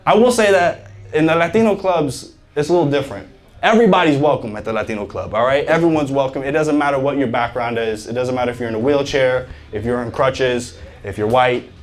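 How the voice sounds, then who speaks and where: A man doing a stand-up comedy set on stage, animated and joking, often laughing at his own lines. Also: mid-range voice, brisk. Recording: noisy live stand-up recording.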